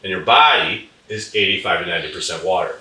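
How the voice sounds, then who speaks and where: A man's voice: sits low, expressive, quick pace, bright, forceful tone, reverberant, far from the mic, slight background noise, rough recording. A man hosting an interview, often affirming his guest. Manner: affirming, frequent agreement. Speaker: host. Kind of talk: interview conversation.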